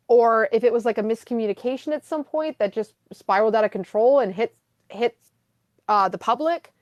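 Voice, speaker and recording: A woman with a fairly high voice chats as a guest, full of "like" and "um" as she thinks aloud. Her voice sounds dry and close, with little room around it. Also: no room sound. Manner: chatty, lots of "like" and "um". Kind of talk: casual conversation.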